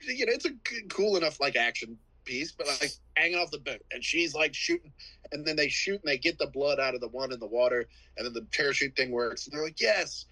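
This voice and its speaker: Bright, animated man rambling about movies. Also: medium pitch, fast, slightly rough, no room sound, low-quality recording. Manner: rambling, many "like" fillers, acts out scenes. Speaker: podcast co-host. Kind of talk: casual movie-review chat.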